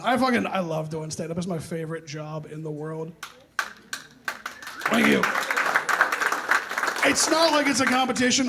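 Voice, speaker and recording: A man's voice: high-pitched, creaky, very noisy. A young man doing a self-deprecating, punchy stand-up set on a club stage into a handheld mic, with the audience laughing. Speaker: stand-up comedian.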